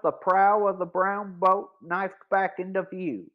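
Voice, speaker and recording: A man narrating a boys' mystery audiobook in a measured, deliberate reading. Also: high-pitched, steady tone. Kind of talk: scripted story narration. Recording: dull lo-fi recording.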